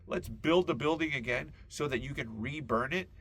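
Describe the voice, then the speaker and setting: A man playing an indignant high-pitched judge. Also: moderate pace, creaky, a bit bright, slightly rough. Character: outraged male judge siding with the wronged.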